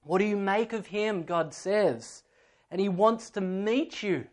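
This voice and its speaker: A man's voice: high-pitched, unhurried. Man preaching a sermon. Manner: storytelling, acts out a child's voice in anecdotes. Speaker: pastor.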